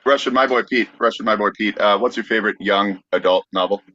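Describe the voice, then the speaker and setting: A man's voice: fairly low pitch, fast talker, bright, forceful tone. A man hosting a comedy podcast in playful, laid-back banter, putting questions to his co-host. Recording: dull lo-fi sound.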